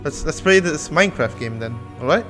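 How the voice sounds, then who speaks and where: A man's voice: on the high side, expressive, a little fast, fairly bright tone, faint music behind. A man giving casual let's-play commentary on a horror game, nervous, jokey and profane, rambling as he goes. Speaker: gameplay channel host.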